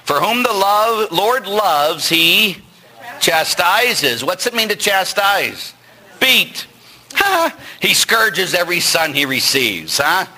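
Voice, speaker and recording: A Catholic priest giving a sermon, animated and joking, often putting questions to his listeners. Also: sits high, takes it slowly.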